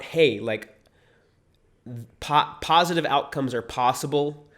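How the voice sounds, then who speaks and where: A man's voice: medium pitch, fairly bright tone. A man talking casually and emphatically in an unscripted vlog monologue, swearing freely. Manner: casual, emphatic, swears freely, mocks views in put-on voices. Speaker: vlogger.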